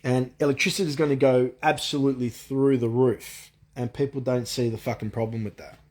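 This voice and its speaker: A man's voice: medium pitch, steady tone, brisk, a little mellow. Profane, ranting man. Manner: profane, frustrated ranting with frequent restarts. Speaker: vlogger. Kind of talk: ranting monologue.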